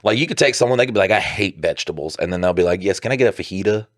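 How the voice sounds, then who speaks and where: Low-voiced Southern man, animated podcast chat. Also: rapid-fire, no echo, studio quality. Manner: animated, swearing, laughing storyteller. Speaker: podcast co-host.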